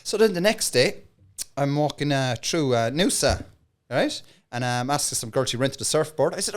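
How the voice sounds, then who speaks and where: A man's voice: mid-range voice, normal speed. A man with a Cork Irish accent, a comedian guest telling a rambling story in casual chat. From Ireland. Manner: rambling, animated, keeps asking "right?".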